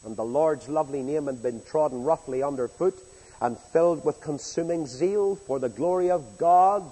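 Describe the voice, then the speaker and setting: A man preaching a sermon in a folksy storytelling way, acting out the speakers in the story with big swings in loudness. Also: fairly high pitch, moderate pace, long reverb tail, low-quality recording.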